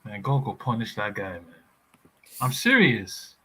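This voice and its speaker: A man's voice: lowish voice, very animated, a little slow, pushed and bright, a little hiss or hum, poor audio. A man in a casual football chat, blunt and heated, swearing freely. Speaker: football pundit.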